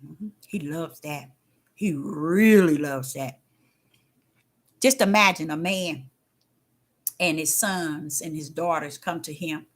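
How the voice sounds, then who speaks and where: An older woman giving a casual spiritual testimony, folksy and emphatic, repeating herself and swinging between loud and hushed. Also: sits low, unhurried. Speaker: faith talk host.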